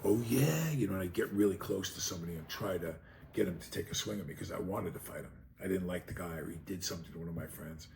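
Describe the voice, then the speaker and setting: Gravelly New man telling a story. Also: low voice, darkish tone. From New York, Long Island. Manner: rambling, conversational, frequent "you know". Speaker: host. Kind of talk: personal storytelling monologue. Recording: echoey room with faint noise.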